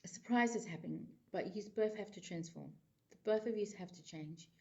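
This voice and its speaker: A rambling, chatty woman gives a casual psychic tarot reading to camera, her speech full of filler phrases. Her pitch sits in a middling range. The audio is dull and muffled, like a lo-fi recording. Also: brisk, gravelly, warm tone.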